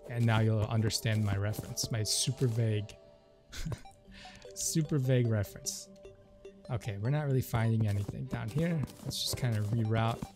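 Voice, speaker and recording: A man's voice: on the low side, normal speed. Chatty man narrating a game. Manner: chatty, rambling asides. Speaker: let's play host. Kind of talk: casual gameplay commentary. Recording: game music behind the voice.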